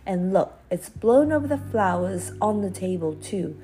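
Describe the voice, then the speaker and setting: Brief: brisk, scolding nanny, read by a woman, storybook, a bit raised in pitch. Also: wildly swooping pitch, mellow, exaggerated voice. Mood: cross.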